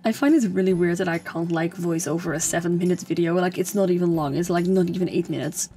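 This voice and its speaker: A woman's voice: on the low side, steady tone, fast, warm tone, soft background music. A young woman rambling through a casual voice-over of a game build, with lots of fillers and a slightly strained, fading voice. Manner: rambling, chatty, with many fillers and restarts. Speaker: gaming channel host.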